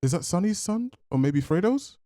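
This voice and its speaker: A man hosting a film reaction, talking casually with joking asides and quick exclamations. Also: sits high, big pitch swings, background noise. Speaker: movie reaction host.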